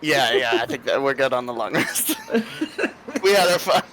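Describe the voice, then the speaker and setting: A man's voice: medium pitch, lively intonation, moderate pace, a crowd in the background. A man playing a tabletop game, joking around and swearing freely. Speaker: player. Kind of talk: casual tabletop play.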